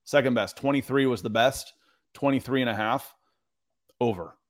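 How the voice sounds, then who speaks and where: A man's voice: mid-range voice, moderate pace. Casting note: easygoing male sports podcast co-host, mid-range voice, loose and chatty. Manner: relaxed, chatty, many fillers. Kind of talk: casual sports podcast chat.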